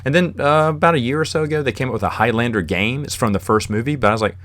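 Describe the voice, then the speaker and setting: A man's voice: medium pitch, rapid-fire, fairly bright tone, no room sound. A man hosting a podcast on his own, telling rambling stories in a casual monologue and chuckling as he goes. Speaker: podcast host.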